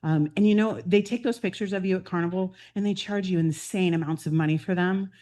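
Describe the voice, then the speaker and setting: A woman in her fifties, president-elect of a club, talking casually and warmly through family photos at a meeting, with frequent "um"s. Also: on the low side, fairly quick. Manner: chatty and heartfelt, with fillers and laughs. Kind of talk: personal slideshow talk to a club meeting. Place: meeting room.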